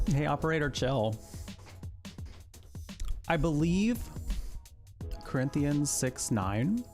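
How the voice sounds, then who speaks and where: A man's voice: on the high side, drawn-out words, pauses often, faint music behind. A young man streaming, chatting casually and joking as he reacts to a video. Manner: animated, giggly, jokey asides.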